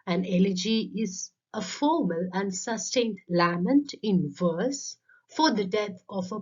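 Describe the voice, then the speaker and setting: A literature teacher with a mid-range, darkish voice and a breathy edge reads a scripted lecture as a voice-over, methodically explaining terms one step at a time. The recording sounds dull and lo-fi.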